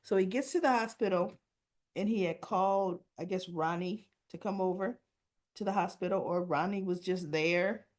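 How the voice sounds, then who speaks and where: A woman's voice: lowish voice, normal speed. Female recap host, casual storyteller who acts out the dialogue. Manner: animated storytelling, acts out characters' lines with shifting voices. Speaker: soap opera recap host. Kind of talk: casual retelling of a soap episode.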